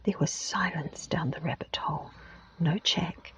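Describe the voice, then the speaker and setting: A woman with a British accent reading a story in a gentle, whispery ASMR style, recorded muffled and lo-fi in a parked car. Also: deep voice, measured pace. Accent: British English. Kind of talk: soft-spoken ASMR reading. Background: baby snoring.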